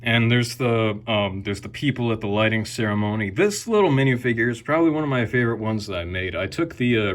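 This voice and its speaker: A man's voice: lowish voice, a bit bright. A man hosting a video, narrating a casual show-and-tell tour with crude, wisecracking jokes and rambling asides. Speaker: video host.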